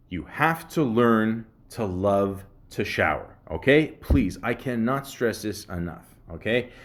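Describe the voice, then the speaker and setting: A man hosting a podcast, ranting solo in a profane, exasperated way with many fillers. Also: medium pitch. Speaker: podcast host.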